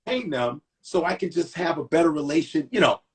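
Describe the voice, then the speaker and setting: A man's voice: on the high side, lively intonation, fast talker. A middle-aged man from Chicago, a comedian, telling a profane story in casual chat and acting out the quotes. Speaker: comedian guest.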